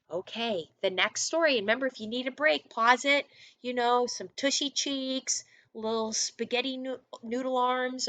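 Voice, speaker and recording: A female first grade teacher reads a storybook aloud to her class, animated and coaxing, tossing little asides to the children. Her voice is on the high side, with no room sound.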